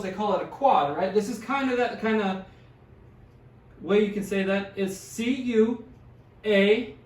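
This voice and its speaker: A man teaching a classroom language lesson, patiently sounding out words and encouraging his students. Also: high-pitched. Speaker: Spanish teacher. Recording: echoey room, distant mic.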